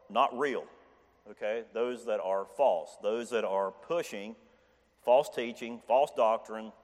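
Man preaching in a reverberant church. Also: medium pitch. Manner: conversational, repeats "okay?" and restarts often. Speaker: lay preacher. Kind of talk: informal church Bible teaching.

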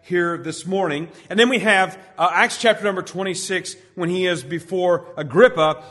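A male pastor preaching a sermon with emphatic, drawn-out stresses, dropping his voice low when he quotes scripture, recorded in a church sanctuary. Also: pushed and bright. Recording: church hall with long reverb.

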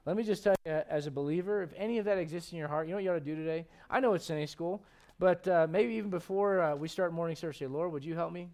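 A fast talker with a notably high voice, this thirty-something pastor preaches a Sunday sermon in an animated, conversational manner. He regularly abandons sentences and begins them again.

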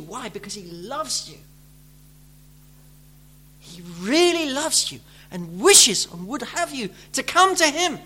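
A male preacher with a bright, high voice delivers a sermon at an unhurried pace. He explains gently, then rises into fervent, pleading emphasis. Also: big pitch swings, slightly rough.

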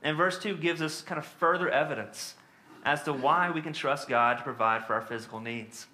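A man delivers a sermon in a relaxed, conversational teaching style. His voice is bright and forward, and he leans on fillers and tag questions as he explains. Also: on the high side, moderate pace. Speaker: preacher.

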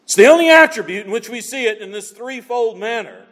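A man preaching a sermon as pastor, emphatic, moving between loud declaiming and quiet asides. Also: extremely high pitch, expressive, a little fast, in a large hall.

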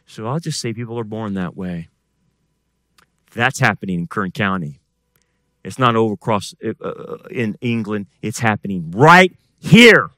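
A man, a pastor, preaching a sermon and swinging between loud emphatic bursts and quiet, intense passages. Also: fairly low pitch, normal speed, no echo.

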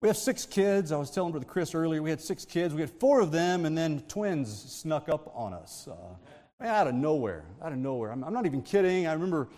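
A man delivers a sermon full of family anecdotes and asides, often breaking into laughter. His voice sits a little higher than most men's. A long reverb trails each phrase, as in a large church. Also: lively intonation, fairly quick, warm tone. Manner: storytelling with frequent laughs and asides. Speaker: preacher.

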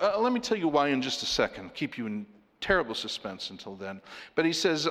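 Animated preacher in a reverberant hall. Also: male voice, fairly high pitch, moderate pace. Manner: animated, acts out voices with laughs. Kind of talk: sermon.

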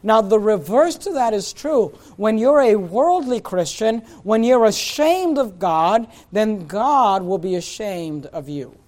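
A man preaching a sermon as pastor, forceful and emphatic, with frequent repetitions. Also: sits high, animated, slow, hardly any pauses.

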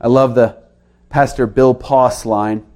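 A man preaching a sermon to his congregation, earnest, with his pitch rising and dropping for emphasis. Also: steady tone, slow pace, a little mellow. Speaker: pastor.

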